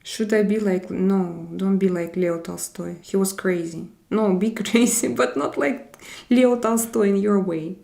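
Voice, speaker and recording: A woman's voice: medium pitch, a little slow, vocal fry, warm tone. Woman with a Russian accent chatting to viewers. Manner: chatty, answers viewers' comments, switches between languages. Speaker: live-stream host reading chat. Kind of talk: casual live-stream chat.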